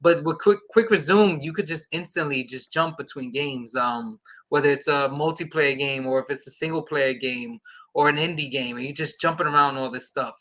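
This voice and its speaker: A man, a podcast guest, telling an excited casual anecdote and acting out the dialogue. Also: a little high, moderate pace.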